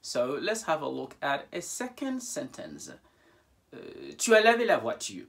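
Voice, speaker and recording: Male language teacher with a very lively, swooping voice; patient and repetitive with examples. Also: fairly high pitch, normal speed, creaky. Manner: repeats each example aloud, speaking questions with a sharply rising voice. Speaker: French teacher. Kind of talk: bilingual grammar lesson.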